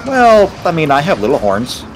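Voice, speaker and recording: A man's voice: fairly high pitch, wildly swooping pitch, normal speed, slight background noise, rough recording. A man chatting casually and joking with dry teasing while playing a game, with game music behind him. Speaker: game player. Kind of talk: casual gameplay chat.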